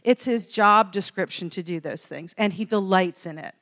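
Animated, laughing woman storyteller. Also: medium pitch, normal speed. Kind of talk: casual storytelling interview.

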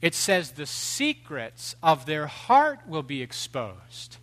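Lively, bright-voiced male preacher. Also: on the high side, slow pace. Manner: animated, jokey, swings from loud to hushed. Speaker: pastor. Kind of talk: sermon.

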